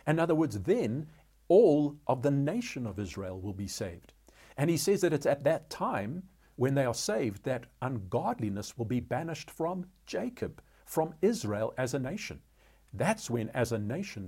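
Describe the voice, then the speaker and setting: A man leads a Bible study and works slowly through the text, asking questions and pointing out words to underline. His voice is dark and mellow with a husky edge. He sits at an ordinary middle pitch. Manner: methodical, asks rhetorical questions, tells listeners to underline words.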